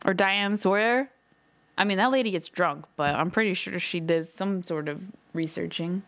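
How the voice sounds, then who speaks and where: A woman with a slightly low voice co-hosting a casual podcast. She talks in a loose, rambling way, full of filler words, and laughs often. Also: moderate pace, a bit bright. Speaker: podcast co-host. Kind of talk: casual chat. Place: Seattle area.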